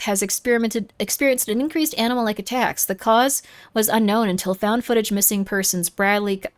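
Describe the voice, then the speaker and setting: A woman's voice: mid-range voice, a little fast. A woman streaming a game live, chatting playfully and reading the on-screen text aloud. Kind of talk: live-streamed gameplay commentary.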